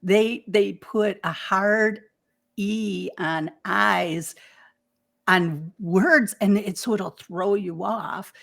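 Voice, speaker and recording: A woman's voice: mid-range voice, very slow, gravelly, fairly bright tone. A woman from Detroit with a Detroit accent, chatting playfully and laughing often as a spiritual teacher co-hosting. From Detroit, United States. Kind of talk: casual chat.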